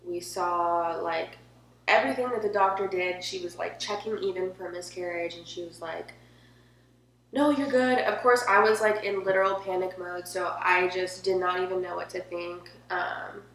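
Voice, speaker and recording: A woman's voice: on the low side, steady tone, moderate pace, fairly bright tone. A young woman telling a personal story in a casual, emotional, chatty way, filling her talk with "like". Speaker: vlogger. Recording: echoey room with faint hum.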